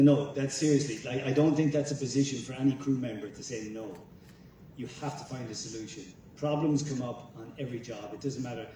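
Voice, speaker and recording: A man's voice: medium pitch, darkish tone. Earnest man on a panel, echoey hall. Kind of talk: festival masterclass talk. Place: large festival hall. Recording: echoey hall, picked up from far off, with noise.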